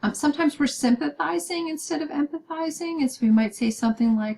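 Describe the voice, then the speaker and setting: A woman's voice: high-pitched, fairly quick, vocal fry, hardly any pauses, darkish tone, poor audio. A woman giving a recorded lecture, explaining step by step with many "um"s and "right?" checks. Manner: explaining with frequent "um" and "right?" tag questions.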